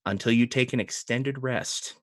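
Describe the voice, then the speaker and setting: A man narrating as game master, rambling and relaxed, with many fillers. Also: mid-range voice, normal speed, dry recording, studio quality.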